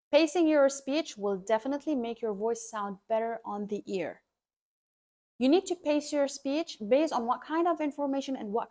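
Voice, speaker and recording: A woman who coaches public speaking, talking to camera in an energetic, emphatic way and repeating her key points. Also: on the high side. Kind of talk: scripted educational talk to camera.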